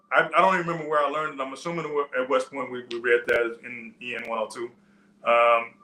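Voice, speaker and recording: Bright-voiced preacher in an echoey church. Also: male voice, on the high side. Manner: conversational, digressive teaching with restarts. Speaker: pastor. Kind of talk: sermon.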